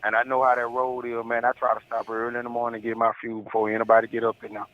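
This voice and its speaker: A man's voice: medium pitch, completely flat delivery, fast, a little hiss or hum. A man calling in to a talk show, folksy and drawling, always saying "boy" and "man". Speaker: caller. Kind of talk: casual call-in chat. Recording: dull lo-fi phone-in line.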